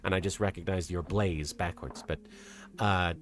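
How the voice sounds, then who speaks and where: A soft-spoken streamer with an English accent drifting toward American, chatting casually with a live chat and working toward a lighter, more feminine voice placement. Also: low-pitched, steady tone, moderate pace. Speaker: streamer and host. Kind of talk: casual livestream chat, reading out chat.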